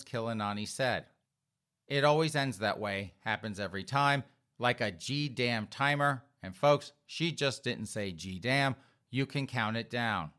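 This commentary host speaks in a pushed, bright mid-range voice. His opinion monologue is mocking and sarcastic, and he keeps turning to address his listeners directly.

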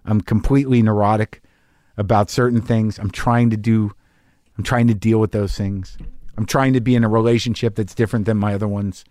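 A man's voice: on the low side, steady tone, a little fast, darkish tone, no room sound, clean studio sound. A man in his fifties, a podcast host giving a rambling, candid, self-deprecating monologue with plenty of swearing. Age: 50s. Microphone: studio mic in a home garage.

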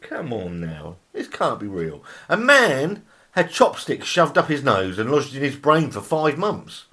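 A man reads bizarre headlines for his comedy podcast, his pitch bouncing all over the place. He trips over words, cuts in with asides and swears freely. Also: sing-song, a little slow, bright, forceful tone, slightly rough. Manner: reads headlines aloud, breaks off to laugh and riff; stumbles over words and apologises. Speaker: podcast host. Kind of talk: comedic news reading.

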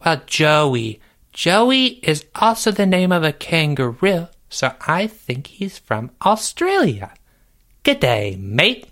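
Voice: mid-range voice, big pitch swings, takes it slowly, fairly bright tone. A performer voicing a cheerful, clueless boy character who rambles with lots of hesitations in a comedic Q&A. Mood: silly. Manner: rambling, playful, many hesitations.

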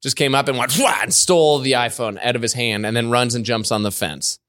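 A man hosting a podcast, chatting casually and telling animated stories, often laughing and acting out voices. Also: medium pitch, fairly quick, no room sound, faint music behind. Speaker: podcast host. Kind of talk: casual chat.

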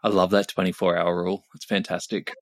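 Man, podcast host, short encouraging replies, low voice, dry. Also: flat delivery, a little fast, vocal fry, no echo. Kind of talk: conversational podcast interview.

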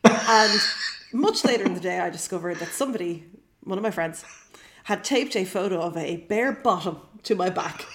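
A woman chatting casually, an animated storyteller who laughs often. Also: on the low side, moderate pace, a little hiss or hum. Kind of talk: casual chat.

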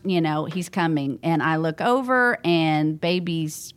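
A woman, a guest in an interview, telling a story in a lively conversational way and acting out what people said. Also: low-pitched, unhurried, smooth. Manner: animated, acts out what people said.

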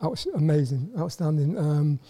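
Welsh man, 60s, high mellow voice, halting and self-deprecating, keeps repeating words. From Wales. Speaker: guest, former footballer. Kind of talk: casual interview chat.

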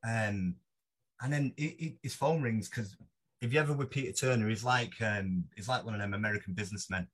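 A man telling a long story as a podcast guest, animated and laughing often, slipping into voices for the people in it. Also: on the low side, fairly quick, breathy edge. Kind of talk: casual anecdote telling.

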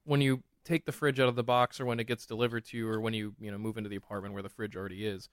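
A man's voice: on the low side, level tone, rapid-fire, clean tone, dry recording, studio quality. A man co-hosting a casual podcast, throwing in sarcastic jokes and asides. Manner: wisecracking, sarcastic asides, mild swearing. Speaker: podcast co-host.

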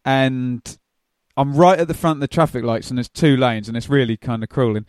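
A man's voice: mid-range voice, fairly even intonation, brisk, a little mellow, no room sound, studio quality. A man from England co-hosting a casual football podcast, telling anecdotes with easy laughter. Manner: chatty storyteller, laughs through anecdotes. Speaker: podcast co-host.

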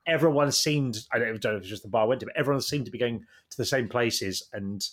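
A man's voice: medium pitch, fast talker. A man chatting as a guest in an interview, in a middling voice. He tells long rambling anecdotes and livens up at the punchlines. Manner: rambling anecdotal, animated when telling stories. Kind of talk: casual storytelling interview.

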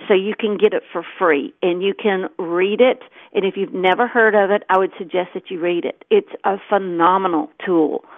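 A woman's voice: lowish voice, no echo. A middle-aged woman co-hosting a talk show, telling a personal story in an earnest, chatty way and acting out the dialogue. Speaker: co-host. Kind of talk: casual storytelling chat. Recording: tinny, dry phone line.

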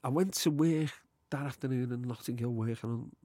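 A man's voice: medium pitch, a little fast, warm tone, dry recording. A man with a Liverpool accent, a TV writer as podcast guest, telling a story in casual chat and rambling through lots of "like" and "you know".

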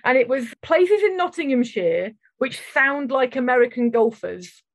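A woman's voice: high voice, animated, moderate pace, dry recording. A woman hosting a podcast, chatting enthusiastically and rambling with fillers. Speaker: podcast host. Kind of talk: casual chat.

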